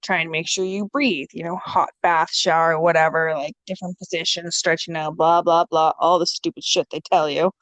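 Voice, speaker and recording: A woman's voice: deep voice, normal speed, few pauses, no echo. Foul-mouthed young woman telling a story. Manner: swears freely and acts out quoted dialogue; lively, frank and joking. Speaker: podcast guest. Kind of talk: casual storytelling chat.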